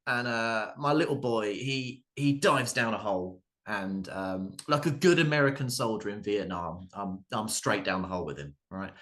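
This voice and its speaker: A man, performing a stand-up comedy set in a halting way, with many fillers, restarts and dry asides. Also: mid-range voice, fairly bright tone. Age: 30s.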